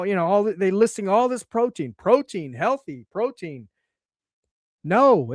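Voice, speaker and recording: A man's voice: high voice, no room sound, clean studio sound. A man hosting a casual health commentary, talking bluntly and emphatically and checking in with "okay?" as he repeats his points. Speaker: show host.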